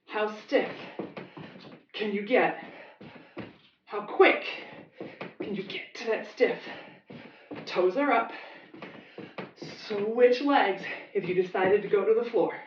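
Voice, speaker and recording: A woman's voice: mid-range voice, slow, long pauses, a little hiss or hum. A woman fitness instructor leading a workout class, encouraging and giving short commands. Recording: dull roomy sound, mic at a distance.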